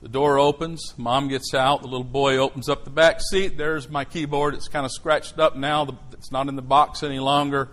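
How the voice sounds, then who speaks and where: A middle-aged man preaching a sermon, telling a personal story in an animated way that swings from hushed lines to shouts. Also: mid-range voice, normal speed, hardly any pauses, low-quality recording.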